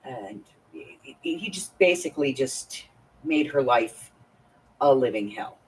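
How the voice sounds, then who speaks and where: A woman in her fifties chats slowly and confidingly as she crafts, her husky voice swinging widely in pitch. She sounds a little distant from the mic. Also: expressive. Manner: chatty and confiding, greets viewers by name. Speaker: crafting live-stream host. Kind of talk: casual chat while crafting. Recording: voice a bit far from the mic.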